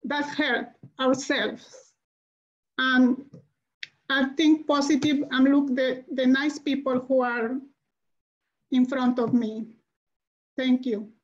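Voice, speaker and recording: Immigrant mother, non-native English, slow halting testimony, high voice, dull lo-fi call sound. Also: fairly even intonation. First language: not English. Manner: halting, searching for words, tag "no?". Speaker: immigrant parent panelist. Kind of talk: emotional personal testimony.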